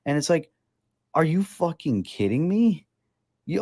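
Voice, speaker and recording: A man's voice: on the high side, very animated, unhurried, pauses often, dark tone. A man in his twenties hosting a podcast, ranting in a casual, sarcastic, profane way. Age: 20s. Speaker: podcast host.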